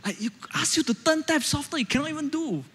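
A man's voice: very high voice, expressive, fast talker, a bit bright, pitched above the performer's own voice. A man voicing a nagging, easily exasperated middle-aged mother who scolds in clipped Malaysian English. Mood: scolding. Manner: complaining, scolding in clipped colloquial phrasing.

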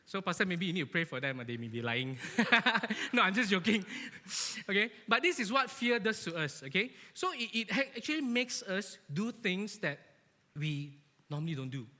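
A man giving a lively, joking sermon to a church, animated and often asking his listeners "right?", in an echoey church hall. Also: high-pitched, moderate pace. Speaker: church speaker.

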